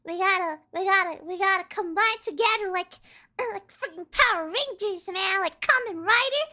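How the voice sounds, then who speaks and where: A woman voicing a boastful male chaos god who trash-talks in quick slang. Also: very high-pitched, pushed and bright, full character voice. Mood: cocky. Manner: rapid bragging slang.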